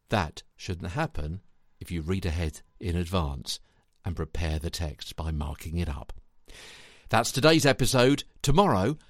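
A man hosting a spoken tutorial podcast, chatty and animated, talking straight to the listener. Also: low-pitched, dry recording, studio quality. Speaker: podcast host and voice coach.

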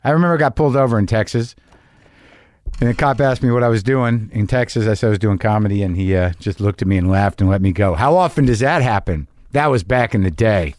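Profane rambling podcast host with a lisp. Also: male voice, lowish voice, fast, darkish tone, no room sound. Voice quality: slight lisp. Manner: rambling, profane, self-deprecating. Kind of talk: casual monologue.

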